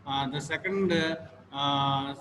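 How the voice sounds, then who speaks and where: Slow, repetitive Indian English male teacher. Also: fairly high pitch. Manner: halting, repeats each sentence, many fillers. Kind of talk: online class lecture. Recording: echoey room with steady background noise.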